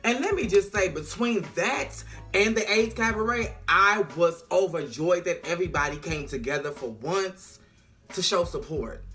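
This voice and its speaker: A woman recapping a TV episode in a sassy, slang-heavy, animated way. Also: on the low side, moderate pace, soft background music. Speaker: TV episode reviewer. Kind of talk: casual recap vlog.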